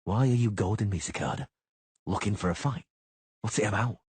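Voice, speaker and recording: A man's voice: a little fast, slightly rough, no echo. A man playing a curt, cold monster hunter. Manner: curt, flat, low.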